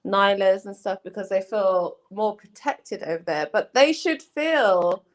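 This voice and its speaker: A woman's voice: mid-range voice, a little slow. A woman with an English accent talking on a panel, passionate and emphatic, slipping into quoted voices as she argues. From England. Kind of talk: heated casual discussion.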